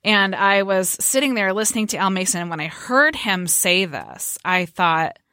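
A woman's voice: medium pitch, animated, moderate pace, bright, forceful tone, no room sound, studio quality. A woman telling an emotional story in a casual podcast conversation, earnest and heartfelt.

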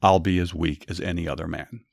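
A man voicing a strong, secretive hero in a spoken Bible story, speaking low and slow. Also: fairly even intonation, gravelly, darkish tone, no room sound, studio quality. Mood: confiding.

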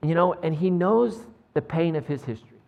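A man's voice: a little high, lively intonation, a little fast, creaky, a little mellow. A man preaching a sermon as pastor, talking conversationally with lots of "like" and "right?" and joking with the congregation. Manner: jokes with the congregation. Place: church sanctuary. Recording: long church reverb.

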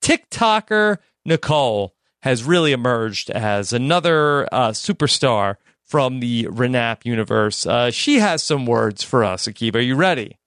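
A man co-hosting a casual podcast, teasing and laughing, with drawn-out filler pauses. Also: medium pitch, lively intonation, a bit bright, smooth, dry recording, studio quality. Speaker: podcast co-host.

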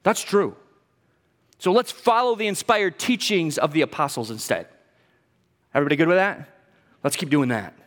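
A man's voice: high voice, a bit bright. A middle-aged man, a pastor, preaching a sermon emphatically, with humor and rhetorical questions to his congregation in a church sanctuary. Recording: long hall reverb.

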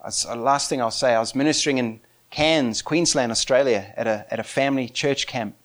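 A man preaching and telling a story with excitement. He laughs often and swings between quiet and loud. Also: mid-range voice, brisk, a little hiss or hum. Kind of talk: animated storytelling sermon.

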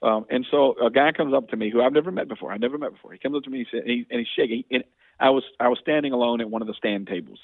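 A man in his forties talks fast and earnestly as a guest, often stumbling over his own restarts. His voice has a gravelly, fry-heavy edge. It comes through a tinny, phone-like line with a dry sound. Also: mid-range voice, no room sound. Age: 40s. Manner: earnest, rapid talker with frequent restarts. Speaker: state legislator, guest. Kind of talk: casual interview, storytelling.

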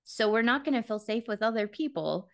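A woman's voice: fairly high pitch, expressive, a little fast, creaky. A woman in casual conversation, speaking thoughtfully and affirming what she hears.

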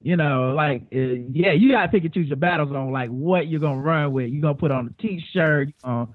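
A man's voice: a little high, a little fast, no echo. A man talking in casual chat as a podcast guest, rambling and repeating his words, swearing freely. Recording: tinny phone-like line.

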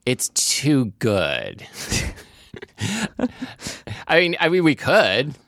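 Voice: medium pitch, huge pitch swings, drawn-out words, gravelly, a bit bright, no echo, studio quality. A podcast co-host chatting casually and making sarcastic, joking asides. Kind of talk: casual chat.

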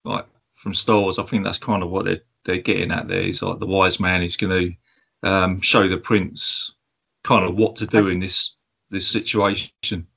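A man co-hosting a film review podcast talks casually at a moderate pace in a deep, gravelly, slightly rough voice that's a bit bright, with a flat delivery. He rambles and hesitates, full of ums and laughs.

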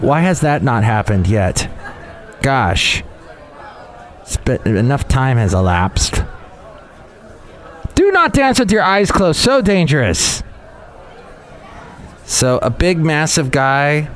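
Slow rambling podcast host man. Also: medium pitch. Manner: meandering, self-correcting, chatty. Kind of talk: casual rambling chat.

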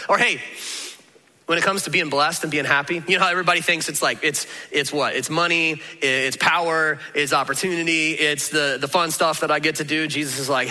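A man preaching a sermon, conversational and animated, acting out the reactions of listeners. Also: fairly high pitch, fast talker. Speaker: pastor. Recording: long hall reverb.

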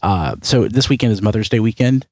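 A man's voice: lowish voice, a little fast, a little mellow, dry recording, clean studio sound. A man hosting a casual podcast chat, rambling and joking, often correcting himself mid-sentence. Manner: rambling, self-correcting, jokey. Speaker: podcast host.

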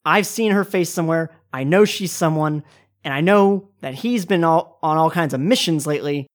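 A woman's voice: deep voice, normal speed, lightly acted. A woman voicing Adrian, a suspicious and hostile woman who presses for answers.

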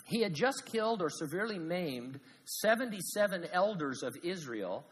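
A pastor delivers a sermon with lively swings from booming emphasis to near-hushed asides, slipping in jokes along the way. His voice sits a little high for a man. The sound carries the long reverb of a church sanctuary. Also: moderate pace, a little hiss or hum. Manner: animated, swings from loud to hushed, jokey asides.

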